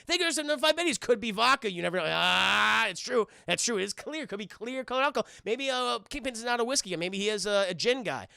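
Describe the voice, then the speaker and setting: High, gravelly-voiced man reviewing live. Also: fast talker, hardly any pauses, no echo, clean studio sound. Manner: profane, animated retelling. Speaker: host and reviewer. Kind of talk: casual livestream commentary.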